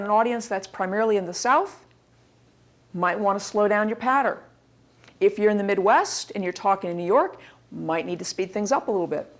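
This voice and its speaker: A woman in her forties giving a recorded course lecture, lively and demonstrative. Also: medium pitch. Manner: lively, demonstrative, acts out examples in varied voices. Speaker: instructor.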